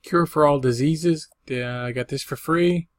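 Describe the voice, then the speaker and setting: A man's voice: on the high side, measured pace, no room sound. An older man casually rambling through the items he resold, listing what he paid and what each sold for in a folksy way. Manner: rambling, folksy, lists prices and dates. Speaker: eBay reseller. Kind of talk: casual show-and-tell vlog.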